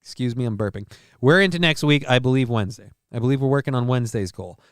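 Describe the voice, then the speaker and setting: On his own live-stream show, a man reads out news stories and goes off on profane, rambling tangents as casual commentary. His medium-pitched voice moves quickly, and the recording is dry with clean studio sound.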